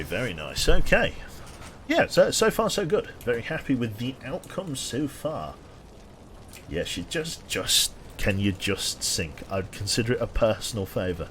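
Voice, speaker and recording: Low-voiced sardonic male game streamer. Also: sing-song, measured pace, a bit bright, slight background noise. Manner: dry, sardonic play-by-play, swearing casually. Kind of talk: live gameplay commentary to chat.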